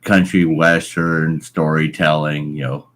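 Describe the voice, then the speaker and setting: A man's voice: very deep voice, flat delivery, a little slow, fairly bright tone. A man chatting casually as a guest on a live stream, rambling with lots of filler phrases into a large microphone. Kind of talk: casual chat. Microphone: large studio microphone.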